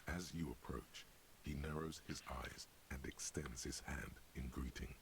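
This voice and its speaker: A man voicing a wry, dramatic inner narrator in a video game, speaking in slow, grave storytelling tones with dry irony. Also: steady tone, slight background noise. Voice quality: deep, gravelly.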